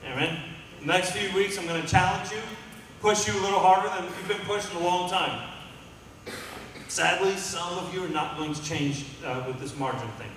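A man's voice: sits high, moderate pace, a bit bright, a little hiss or hum. A man preaching a sermon as pastor, calling out to the congregation and building to emphatic peaks. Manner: call-and-response, rising to emphatic peaks. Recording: echoey hall from far off.

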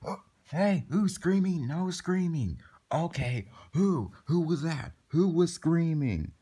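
A man voicing a stern man keeping order at the store line, loud and accusing. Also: a little high, animated, measured pace, husky, pitched above the performer's own voice, heavily acted. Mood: bossy.

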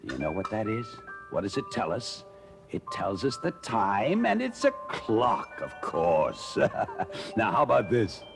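A jolly old Santa Claus chuckles and coaxes children through a guessing game in a gravelly, slightly high voice that leaps all over its range. It sounds like an old mono children's LP, with music playing behind him. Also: male voice, wildly swooping pitch, unhurried, full character voice. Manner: hearty, chuckling, coaxing children. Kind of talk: 1950s children's record acting.

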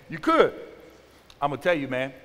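A man in his forties, a youth pastor giving an animated sermon and acting out teenagers' talk. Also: on the high side, measured pace. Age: 40s. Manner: animated, acts out teen slang with exaggerated voices. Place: church sanctuary. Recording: large hall with long reverb.

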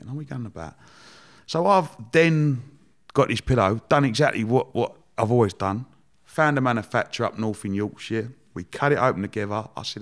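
A man's voice: fairly low pitch, quick pace. Chatty man telling stories. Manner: lively, chatty, slangy, laughing as he tells it. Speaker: guest, entrepreneur. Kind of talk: casual storytelling.

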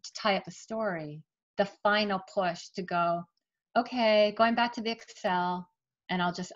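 A middle-aged woman, an author, telling the story of her writing career in a chatty, animated way during an interview. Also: lowish voice, highs cut off. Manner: chatty, animated, emotional at times. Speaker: author guest.

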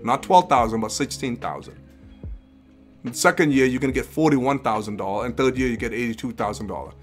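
Faint music sits behind this investing livestream, where a medium-pitched man talks a bit fast. He rambles casually, starting over, circling back to the same phrases, and posing questions he doesn't expect answered.

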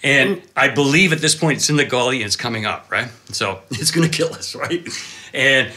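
A man in his fifties, a cameraman guest telling animated, excitable stories full of exclamations. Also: mid-range voice, normal speed. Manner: excitable, dramatic storyteller with exclamations and laughs.

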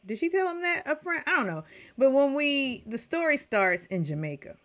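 A middle-aged woman reviewing a TV episode in a casual rant, chatty and animated as she talks straight to her viewers. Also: high voice, normal speed. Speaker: TV recap reviewer.

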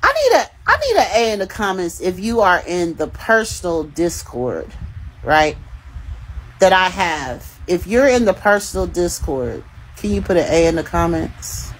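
A woman's voice: on the low side, very animated, unhurried, husky. A young adult woman hosting a casual livestream, calling out commenters in a profane, teasing way and laughing between remarks. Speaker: livestream host reading comments.

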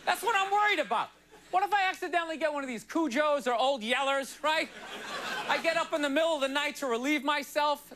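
A man doing a stand-up comedy set on a television studio stage, ranting in an exasperated, rambling way with lots of "you know" asides. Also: extremely high pitch. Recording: broadcast stand-up with loud audience laughter and noise.

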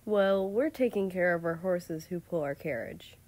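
A woman's voice: on the low side, expressive, normal speed, a little mellow. A woman voicing a blunt young nobleman who speaks with a slight edge of annoyance. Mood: irritated.

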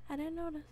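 A woman giving casual gameplay commentary, excitable, with gasping exclamations and whispered asides. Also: high-pitched, a little hiss or hum. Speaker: let's play gamer.

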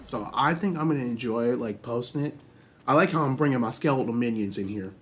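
A young man casually commenting on his own gameplay, chatty and excitable, swearing freely and reacting loudly to what happens on screen. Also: medium pitch, a little fast. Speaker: gaming channel host.

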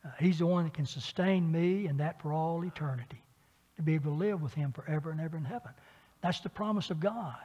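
A man teaching a Bible class in a church, talking conversationally with frequent filler pauses and questions for the class. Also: on the high side, warm tone, husky. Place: church meeting room. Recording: dull, echoey church room recording.

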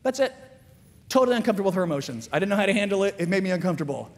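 A man giving a candid, self-mocking, animated storytelling talk at a school chapel. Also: high voice, rapid-fire. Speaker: chapel speaker. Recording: long reverb of a large chapel.

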